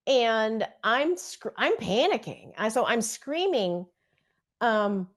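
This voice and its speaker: A woman chatting on a video call, telling a story with lively acted-out quotes. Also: on the high side, slow pace. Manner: animated storytelling, acts out quotes loudly. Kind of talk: casual chat.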